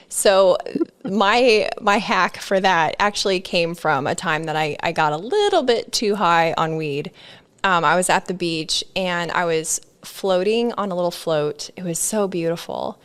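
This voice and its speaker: Woman podcast host just chatting, lowish smooth voice, kinda candid. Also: measured pace, a bit bright. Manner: chatty and candid, with a playful tone when she quotes herself. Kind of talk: casual podcast chat.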